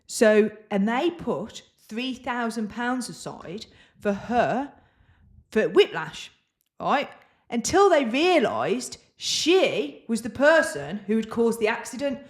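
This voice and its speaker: A woman's voice: medium pitch, moderate pace. A woman co-hosting a podcast, telling stories in a casual chat and acting out the voices of the people in them. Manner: animated, acts out quoted voices in her stories. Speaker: podcast co-host. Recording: echoey room.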